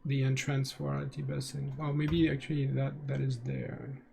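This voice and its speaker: A man's voice: medium pitch, flat delivery, moderate pace, creaky, noisy background. A man with a French accent giving casual, think-aloud commentary while streaming a game, often restarting his sentences.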